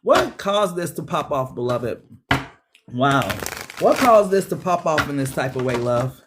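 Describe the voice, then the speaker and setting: A man giving a casual tarot reading, profane and animated, calling his viewers beloved. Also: on the high side, measured pace, noisy background. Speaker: tarot reader.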